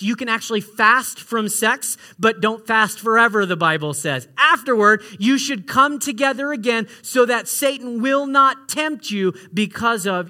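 A male pastor preaching with a high, bright voice and a cutting edge. His delivery is animated and playful, full of joking asides. He swings from loud, excited bursts down to quiet, hushed moments. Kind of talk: sermon.

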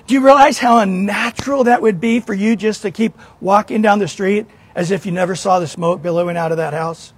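A man's voice: sits high, no echo. A man preaching a sermon to a church congregation, earnest and questioning, often repeating a word as he starts. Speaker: pastor.

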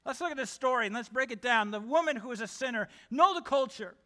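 A man preaching a sermon as pastor, delivering emphatic declarations in quick succession. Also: very high-pitched, expressive, sharp tone. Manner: emphatic, rapid-fire declarations. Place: church sanctuary. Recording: long hall reverb.

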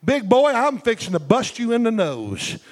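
A man's voice: extremely high pitch, sing-song, moderate pace. A man preaching voices a defiant young shepherd who answers a giant with folksy bravado. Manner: brash, folksy challenge.

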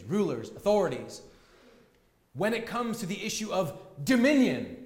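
A man preaching a sermon as pastor, emphatic and repeating key words for stress. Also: fairly high pitch. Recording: echoey hall with long reverb.

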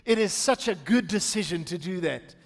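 A man preaching a sermon as pastor, reading scripture slowly and emphatically and calling the congregation to respond. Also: high voice, lively intonation, in a large hall. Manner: slow, emphatic reading with pauses for meaning. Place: church with an overflow hall.

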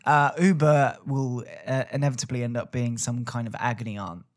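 A man's voice: medium pitch, steady tone, moderate pace. A young man, co-hosting a casual podcast and telling anecdotes with dry, teasing humour. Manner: wry storyteller, dry teasing. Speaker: podcast co-host. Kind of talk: casual chat.

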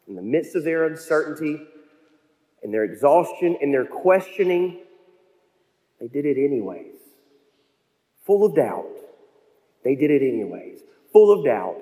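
A man's voice: a little high, dark tone. Storytelling male pastor in a reverberant church. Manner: storytelling, with slow emphatic phrases. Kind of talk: sermon. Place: church sanctuary.

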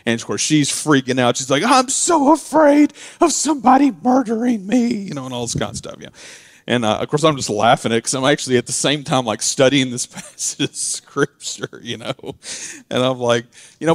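A man preaching a casual sermon. He drifts into quiet, chatty asides and then builds to loud, emphatic peaks. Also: mid-range voice, dry recording, studio quality. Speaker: pastor.

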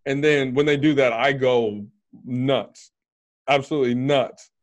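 A man in his thirties hosting a casual chat, blunt and freely swearing, getting animated when retelling stories. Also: medium pitch, measured pace. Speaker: podcast host.

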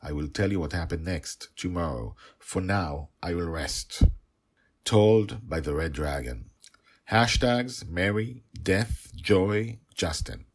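A man reading his own serialized fantasy story in an expressive storybook narration. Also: sits low, slow, slightly rough. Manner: expressive, rising and falling for emphasis.

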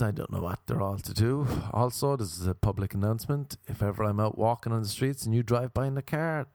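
A man's voice: mid-range voice, vocal fry, warm tone, no room sound. An Irish man delivering a rambling, sardonic comedic rant.

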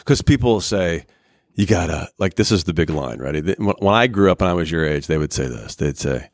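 A man's voice: low voice, lively intonation, fairly quick, no room sound, studio quality. A middle-aged man leading a youth group discussion, asking probing, jokey follow-up questions.

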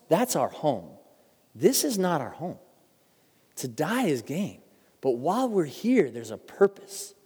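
Middle-aged man preaching, earnest storyteller, slightly high voice, long church reverb. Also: a little mellow. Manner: earnest storytelling preacher, shifts pace for emphasis. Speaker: pastor. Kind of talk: sermon. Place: church sanctuary.

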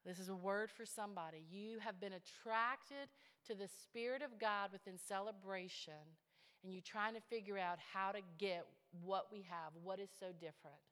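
Woman pastor, sermon, bright and slightly high, hushed asides building to stirring appeals, roomy hall reverb. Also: moderate pace. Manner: swings from hushed, intimate asides to rising, building exhortation. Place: large church sanctuary. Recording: long church hall reverb.

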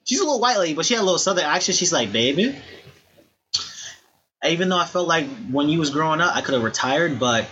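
A man's voice: on the high side, rapid-fire, hardly any pauses, pushed and bright. A man co-hosting a podcast, talking bluntly with a lot of swearing and telling stories from growing up. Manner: blunt and profane, storytelling. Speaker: podcast co-host. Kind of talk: casual podcast chat. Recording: dull lo-fi sound with faint background noise.

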